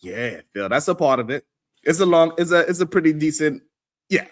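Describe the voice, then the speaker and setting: Animated live-stream host, slightly high voice. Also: male voice, normal speed. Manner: animated, reads chat comments aloud, mocks critics in exaggerated voices. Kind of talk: casual live-stream commentary.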